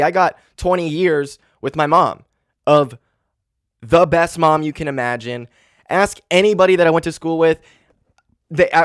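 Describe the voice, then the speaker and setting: A man's voice: on the high side, a bit bright, no room sound, clean studio sound. Young man grieving on his podcast. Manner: candid, grieving, heavy swearing and fillers. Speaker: podcast host. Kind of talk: casual solo podcast monologue. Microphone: handheld podcast mic.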